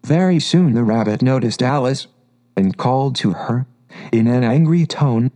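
A man narrating a classic storybook in a measured, unhurried reading. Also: medium pitch, lively intonation, dark tone, rough recording.

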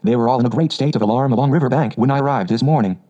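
A man's voice: mid-range voice, very fast, highs cut off, close to an everyday voice. A man voicing a hearty, bold male otter who tells his tale cheerfully. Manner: cheerful, lively storyteller.

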